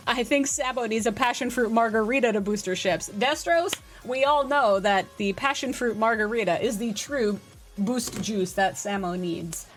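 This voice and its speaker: A woman game streamer talks through a live session, chatty and excitable as she answers her viewers. Her voice sits fairly high. Faint game music runs underneath. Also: moderate pace. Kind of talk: casual live-stream chat.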